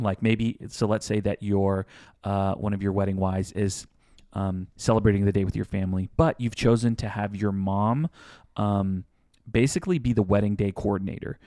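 A man's voice: on the low side, steady tone, fairly quick, warm tone, dry recording, clean studio sound. A man co-hosting a wedding-planning podcast in casual chat, rambling and correcting himself as he spins hypothetical examples. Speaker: podcast co-host.

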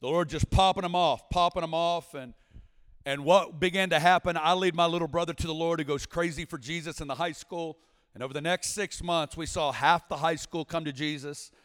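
A forties-aged Arkansas man, visiting as a preacher, relates his testimony briskly and vividly, with shouts breaking through from time to time. His voice is a little high, clear and resonant, and the vast church hall stretches it into a long reverb.

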